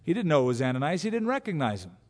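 A pastor preaching an expository sermon, animated, acting out quotes from scripture in different voices. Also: male voice, a little high, rapid-fire. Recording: long hall reverb.

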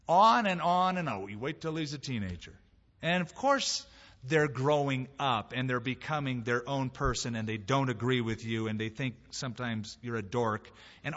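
A man preaching a sermon as pastor, in a lively, conversational way with emphatic rises and quoted voices. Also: medium pitch, in a large hall, lo-fi sound. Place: church sanctuary.

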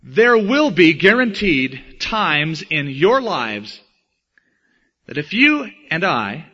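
A man preaching a sermon in an emphatic, animated way, slowing and speeding up for effect, on a dull lo-fi recording. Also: a little high. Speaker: pastor.

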